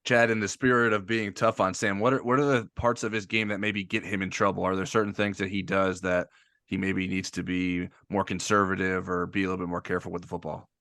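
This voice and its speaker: Dry-sounding low-voiced sports host. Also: male voice, little pitch movement, fairly quick, a bit bright, no echo. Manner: friendly, laughs along with the guest. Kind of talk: interview questions.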